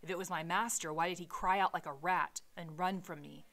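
A woman's voice: fairly low pitch, fairly even intonation, brisk, a bit bright. A woman reading as an earnest, frightened old butler. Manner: earnest, pleading. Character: loyal frightened aging male butler. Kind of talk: storybook reading aloud.

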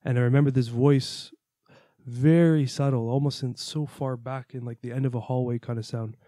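Mellow-voiced man telling a candid personal story. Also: medium pitch, fairly even intonation, moderate pace, no echo, studio quality. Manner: candid, earnest, reflective, with the odd curse. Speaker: podcast host.

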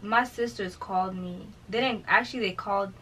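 A woman's voice: mid-range voice, moderate pace, a bit bright, slight background noise, rough recording. A young woman talking casually in an interview, telling a personal story and quoting others, with many fillers. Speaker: vlogger telling her story.

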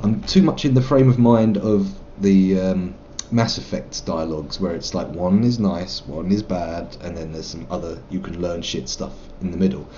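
A man's voice: low-pitched, normal speed, hardly any pauses, mellow, slight background noise. Muffled man musing over a game. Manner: musing, rambling and self-mocking while reading dialogue options aloud. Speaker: game streamer. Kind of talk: live let's play commentary.

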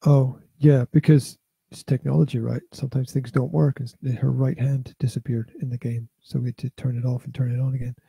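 A man's voice: mid-range voice, flat delivery, fairly quick, gravelly, dark tone, slightly rough, no room sound. A middle-aged father chatting casually as a podcast co-host, rambling and repeating his words with hesitant fillers. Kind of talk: casual chat reviewing a VR game.

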